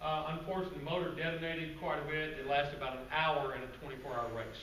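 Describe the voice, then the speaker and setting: A man giving a guest-speaker presentation to a club audience, telling stories in a relaxed, conversational way with asides to the crowd. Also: fairly high pitch, fast. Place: meeting room with an audience. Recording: roomy, distant, faint background noise.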